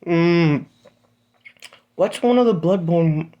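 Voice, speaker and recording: A man's voice: a little high, slow pace, dull audio. A young man casually improvising a fan-fiction story, rambling with lots of fillers and swearing.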